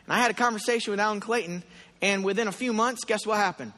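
A man preaching a sermon in a church, telling a story with animated asides and acted prayers. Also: sits high, fast talker. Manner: animated storytelling, voicing his own prayers. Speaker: pastor. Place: church hall. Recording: long hall reverb.

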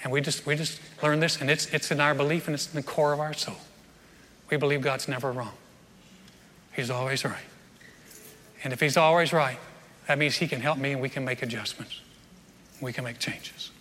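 A man's voice: medium pitch, fairly even intonation, moderate pace, pauses often, pushed and bright, a little hiss or hum. A man preaching as a pastor to a congregation, earnest and emphatic, often repeating his phrases. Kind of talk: sermon. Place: church service before a congregation. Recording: long reverb of a large hall.

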